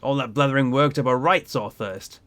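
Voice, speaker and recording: A gruff old sea captain in a video game, drinking alone and spinning slow, heavy tales, read out by a man. The voice sits at an ordinary middle pitch. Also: fairly bright tone, lightly acted.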